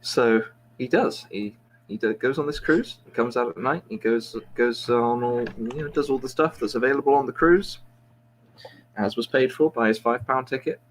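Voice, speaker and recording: A man telling a long joke in a loose, rambling way, often stopping to restart his sentences and tease himself. His pitch sits in an ordinary middle range, and there is a faint noise in the background. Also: moderate pace, rough recording. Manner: rambling, self-mocking storyteller with frequent restarts. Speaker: podcast host. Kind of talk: casual joke telling among friends.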